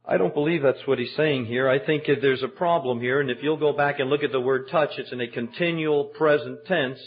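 A man's voice: mid-range voice, a little fast, breathy edge. A man preaching a sermon as pastor, telling the story with emphatic, dramatic delivery. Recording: dull lo-fi sermon recording.

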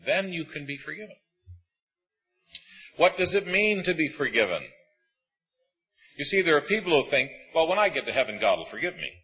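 A man preaching a sermon to a congregation in an auditorium, animated and acting out voices of the people in his stories. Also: fairly high pitch, normal speed, long pauses, slightly rough, dull audio, soft background music.

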